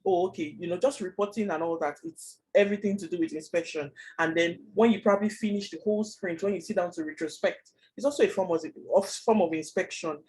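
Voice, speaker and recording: A man teaching a Scrum class online, explaining fast and chatty with many fillers. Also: high voice, a little mellow, slightly rough, poor audio. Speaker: Scrum trainer.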